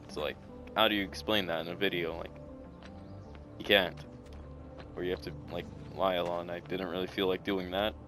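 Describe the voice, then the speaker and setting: With music playing behind him, a young man narrates his gameplay in an enthusiastic, rambling let's-play style crowded with fillers. He's a gaming video creator whose deep voice holds a steady tone, moving fairly quickly but with long pauses.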